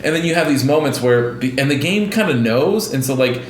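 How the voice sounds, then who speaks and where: A man's voice: mid-range voice, animated, fairly quick, echoey room, slight background noise. A man co-hosting a casual gaming podcast, rambling with lots of restarts and fillers and acting out scenes as he retells them. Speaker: podcast co-host.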